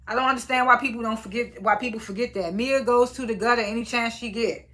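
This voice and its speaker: In a fast, slightly high voice, a young woman casually runs through what happened on a reality show. She gets animated, stays blunt and profane, and acts out the cast's words.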